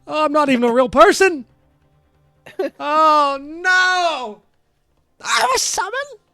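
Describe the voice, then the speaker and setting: A man's voice: very high-pitched, animated, takes it slowly, creaky, bright, forceful tone, no echo, clean studio sound, faint music behind, pitched above the performer's own voice, exaggerated voice. A man voicing a panicky, goofy male necromancer spirit who whines and rambles in a tabletop game. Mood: panicked. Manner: giddy, whiny, rambling.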